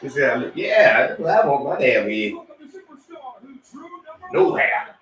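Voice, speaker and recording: A man's voice: mid-range voice, sing-song, a little slow, fairly bright tone. A man bantering offhand off camera at home, mumbling and cussing. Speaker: relative of the host. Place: home, indoors. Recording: roomy, far from the mic.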